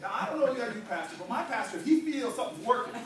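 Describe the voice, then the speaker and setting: Talking very fast in a sing-song, very high-pitched voice, this male political speaker preaches to a church hall crowd, telling playful stories and drawing call and response. The distant mic captures an echoey room and the audience.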